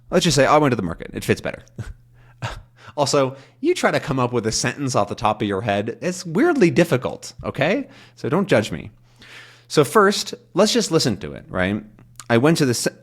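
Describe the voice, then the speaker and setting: A young man gives a relaxed English lesson, his voice rising and falling widely as he explains. He taps out rhythms by chanting syllables, thinking aloud as he goes. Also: medium pitch. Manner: lively, demonstrates stress by chanting syllables. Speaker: English teacher.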